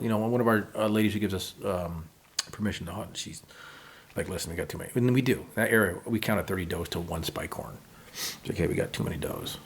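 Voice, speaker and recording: Fast-talking gravelly man telling stories. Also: deep voice, a little hiss or hum. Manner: animated, acts out quotes of others. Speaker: podcast guest. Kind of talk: casual storytelling.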